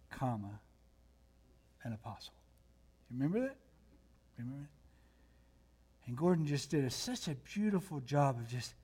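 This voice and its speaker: A man with a fairly high voice preaches as pastor, alternating hushed, almost whispered moments with loud emphasis. When he reads scripture, he does so slowly and with deliberation.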